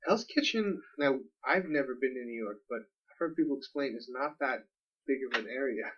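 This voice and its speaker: A man co-hosting a casual podcast, easygoing and laughing along, with quick asides. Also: mid-range voice, lively intonation, husky. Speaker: podcast co-host. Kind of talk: casual chat. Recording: distant, dull lo-fi mic.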